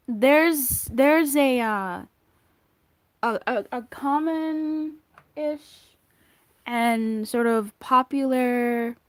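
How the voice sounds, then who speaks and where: Woman tarot reader on a casual vlog, slightly high voice, rambling chatty delivery, dry close sound. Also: no room sound. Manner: chatty, rambling, with frequent tangents and restarts.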